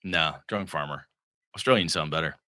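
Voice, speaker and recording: A man's voice: a bass voice, normal speed, sharp tone, dry recording, studio quality. A man co-hosting a gaming podcast in casual, joking chat. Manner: joking, laughs often. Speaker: podcast co-host.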